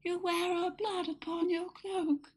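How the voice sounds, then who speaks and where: A woman's voice: very high-pitched, little pitch movement, slow, voice pushed up. A woman voicing the ghost of a murdered little boy, speaking in a small, lonely voice with music behind. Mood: haunting.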